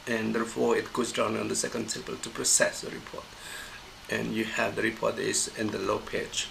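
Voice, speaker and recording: A man, a university lecturer, giving a recorded pronunciation lesson, explaining slowly and methodically, repeating examples and correcting himself. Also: lowish voice, completely flat delivery, creaky, fairly bright tone, slight background noise, rough recording.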